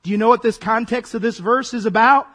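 A man preaching a sermon as pastor, his voice hoarse and raspy, acting out dramatic asides. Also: very high voice, a little fast, fairly bright tone.

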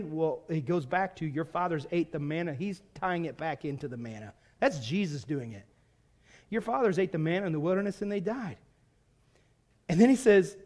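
A middle-aged man with a Virginian accent, a pastor preaching a sermon, jokey and animated, swinging from hushed to loud. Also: a little high, moderate pace. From US East Coast. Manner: self-deprecating, jokey asides.

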